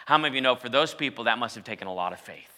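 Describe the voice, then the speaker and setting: Male pastor, very bright voice, sermon storytelling with loud emphatic peaks. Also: medium pitch, lively intonation, racing.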